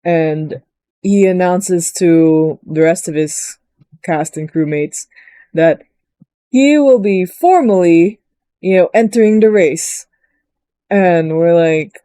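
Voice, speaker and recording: A woman chatting casually as she recaps a story, rambling with many fillers and jumping into a higher voice to quote characters. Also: takes it slowly, warm tone, clear, resonant tone, dry recording. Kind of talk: casual chat.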